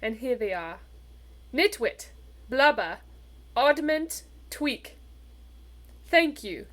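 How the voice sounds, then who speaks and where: A woman's voice: high voice, very animated, very slow, fairly bright tone, heavily acted. A woman voicing a beaming old headmaster wizard who speaks grandly and cheerfully.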